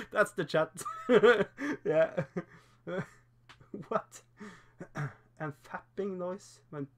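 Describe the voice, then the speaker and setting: A man with a Norwegian accent who speaks English as a second language, hosting a casual livestream while painting miniatures, chatty and self-deprecating, laughing often and pausing on fillers. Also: fairly high pitch, slight background noise. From Norway.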